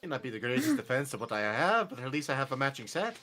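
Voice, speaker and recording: A man chatting casually while he plays a farming game on stream. His voice is bright and edged, and it swoops around animatedly as he teases and laughs with his co-player. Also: medium pitch, sing-song, fast. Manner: playful, laughs often, mock-offended teasing. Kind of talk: casual gaming chat.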